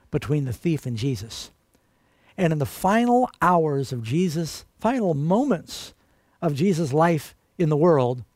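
Earnest preacher, dry close voice. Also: male voice, a little high, a little mellow, dry recording. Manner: earnest, emphatic, addresses listeners as friends. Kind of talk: sermon.

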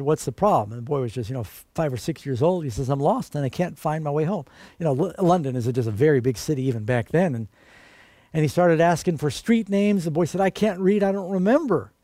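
Earnest preacher, dry close voice. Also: male voice, a little high, dark tone, no room sound. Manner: earnest, emphatic, addresses listeners as friends. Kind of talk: sermon.

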